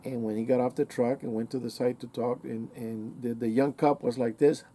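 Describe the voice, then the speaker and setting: Casting: middle-aged man, mellow low-key tone, rambling conversational monologue with quoted asides. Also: fairly even intonation, normal speed. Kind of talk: casual opinion monologue.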